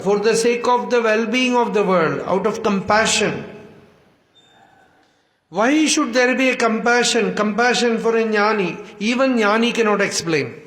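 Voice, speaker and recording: A man giving an unhurried, reflective spiritual discourse, reciting Sanskrit verses as he explains them. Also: sits high, fairly bright tone. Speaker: spiritual teacher. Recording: echoey hall reverb.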